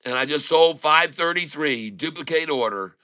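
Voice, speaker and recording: A man giving excited running commentary on his live day trades, calling out prices and talking to viewers as folks. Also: a little high, normal speed, clear, resonant tone. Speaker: day-trading streamer.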